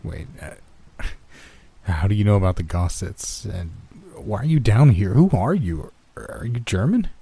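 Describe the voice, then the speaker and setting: Brief: man doing an eager, rattled young guy, stammering, deep and dark voice. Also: animated, slightly rough. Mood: flustered. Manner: stammering, rushed questions.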